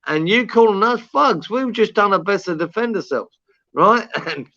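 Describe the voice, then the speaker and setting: Angry swearing man, bright tense voice. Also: sits high, animated, normal speed, no echo, muffled recording. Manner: angry, heavy swearing, repeats himself. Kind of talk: casual chat.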